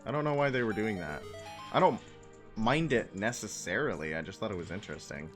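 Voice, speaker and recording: A man streaming a game, chatting casually and rambling excitedly through quick asides. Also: fairly low pitch, faint music behind. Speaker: gaming streamer. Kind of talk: casual gameplay chat.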